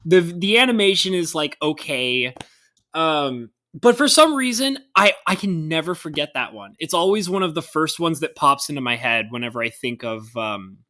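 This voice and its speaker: Bright, lively man in casual chat. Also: medium pitch. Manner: excitable, rambling, quick to laugh. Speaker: podcast host.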